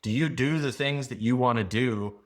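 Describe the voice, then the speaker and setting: A man's voice: medium pitch, moderate pace. A man guest on a business podcast, talking confidently and a bit rambling, full of "like" fillers as he gives advice. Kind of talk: casual podcast conversation.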